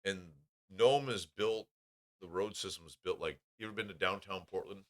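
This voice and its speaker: A man's voice: sits low, moderate pace, a bit bright. A man telling profane, rambling anecdotes in a casual podcast chat.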